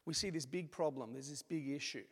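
A man with a notably high voice delivers a sermon, lively and conversational, slipping into little acted-out asides. His words carry a long reverb, as if spoken in a large hall. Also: a little fast. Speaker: preacher.

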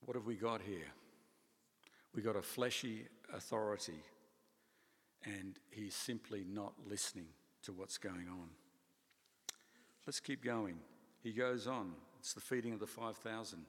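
Man, pastor, sermon, lively preaching, lowish pitch, reverberant church hall. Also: measured pace, pauses often, breathy edge. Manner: conversational, animated preaching with playful asides.

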